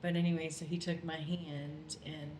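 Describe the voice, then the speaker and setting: A woman's voice: low voice, little pitch movement, normal speed, a little mellow. Female co-host, playful and chatty, echoey room with faint hiss. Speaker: podcast co-host. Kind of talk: casual chat.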